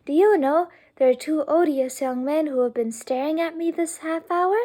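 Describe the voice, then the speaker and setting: Gushing young lady voiced by a woman, breathless exclamations, high voice, mellow tone. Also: normal speed, natural voice.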